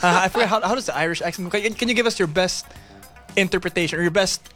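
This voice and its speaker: Young male radio co-host, bright higher voice, playful banter, faint music underneath. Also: very fast.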